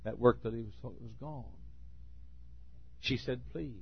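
A man preaching a sermon, folksy and storytelling, dropping to quiet asides and then bursting into shouts. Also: medium pitch, measured pace, vocal fry, slightly rough. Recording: dull lo-fi recording.

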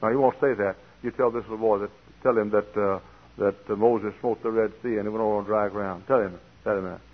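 A man preaching a folksy sermon in a church, sometimes swelling into loud, emphatic preaching. His voice is a bit husky, and it comes through a tinny, lo-fi old recording. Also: lowish voice, fairly even intonation, fast talker. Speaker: pastor.

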